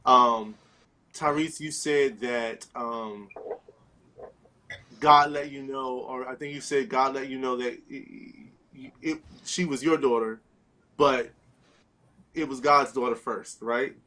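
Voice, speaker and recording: A man moderating a faith panel, thanking speakers and asking thoughtful questions with many pauses. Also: mid-range voice, fairly even intonation, sharp tone.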